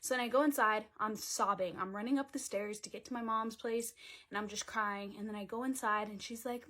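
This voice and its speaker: A woman's voice: medium pitch, a little fast. A young woman telling a story in a casual storytime vlog, chatty and dramatic, with lots of "like" fillers. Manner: chatty, heavy use of "like" fillers; dramatic, animated retelling.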